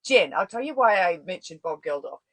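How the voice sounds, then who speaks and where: Lively, chatty woman. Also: on the low side, husky, dry recording. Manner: playful, chatty, quick to react. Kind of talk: casual chat.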